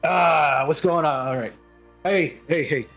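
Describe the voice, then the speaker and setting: Man voicing a swearing little man, high voice, brusque, tabletop game character, faint music behind. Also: unhurried, gravelly, fairly bright tone, full character voice. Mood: cheery. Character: short foul-mouthed human man, gruff but friendly.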